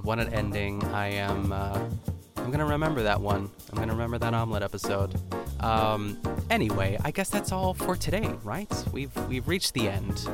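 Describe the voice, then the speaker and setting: A man hosts a casual podcast recap and talks in a rambling, chatty way full of fillers. His lowish voice has a gravelly edge. He is recorded dry on a close home mic, with faint music underneath. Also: no room sound. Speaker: podcast host.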